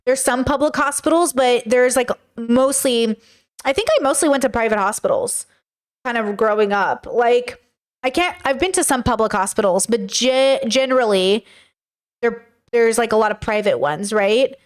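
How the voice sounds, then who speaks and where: Woman commentator, slightly high voice, candid and rambling, swears casually, addresses viewers directly. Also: normal speed. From United States. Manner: frank and rambling, swears, talks straight to viewers. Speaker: commentator reacting to a reality show.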